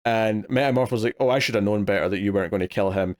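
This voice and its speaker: A man's voice: lowish voice, fast talker, darkish tone. A man co-hosting a podcast, recapping a comic issue in loose casual chat with many fillers and restarts. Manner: rambling, hesitant, lots of fillers and restarts. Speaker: podcast co-host. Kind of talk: casual comic book discussion.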